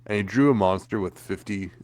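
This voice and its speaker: A man's voice: lowish voice, fairly quick, a little mellow. A man co-hosting a podcast, telling laid-back anecdotes in casual chat. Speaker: podcast co-host.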